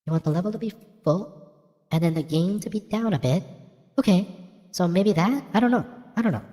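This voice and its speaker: A man trying out a voice changer with added reverb, pushing his voice higher like a dude doing a girl. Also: animated, fairly quick, dark tone. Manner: playful, testing a voice effect. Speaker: streamer.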